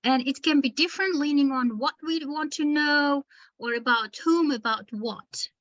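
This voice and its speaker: A woman teacher trainer with a high-pitched voice leads a webinar for teachers. She speaks slowly and deliberately, pausing between words to model stress. The sound is dull and lo-fi, like a computer mic on a video call. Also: fairly bright tone. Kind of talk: online webinar lesson.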